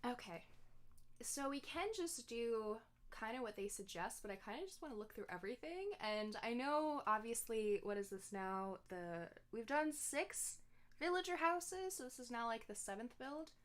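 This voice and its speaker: A chatty young woman streamer talks through her gameplay in a relaxed, casual way, giggling and often stopping to correct herself. Her voice sits fairly high for a woman. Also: normal speed. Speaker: gaming streamer.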